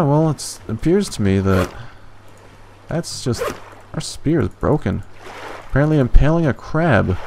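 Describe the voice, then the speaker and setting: A young man doing let's play commentary, excitable and swearing often, jumping into high yelps when frustrated. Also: gravelly, slight background noise. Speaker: gaming YouTuber.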